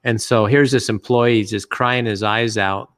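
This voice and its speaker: A middle-aged man, an interview guest, telling family anecdotes in a relaxed, rambling way with many fillers. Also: lowish voice, moderate pace, dry recording. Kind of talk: anecdotal storytelling.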